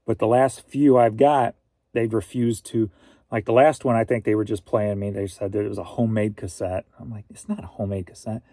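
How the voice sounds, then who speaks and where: A man's voice: on the low side, steady tone, brisk, mellow, dry recording. A middle-aged man from Missouri hosting a casual livestream, rambling easily and reading viewer comments aloud. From Missouri, USA. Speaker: host.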